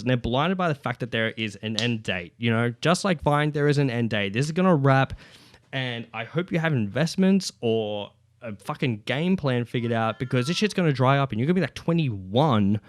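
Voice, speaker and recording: A podcast host talks alone into a podcast microphone at home, with his child nearby, his mid-range voice captured in a dry recording. He rambles casually, swears freely, and leans heavily on filler words.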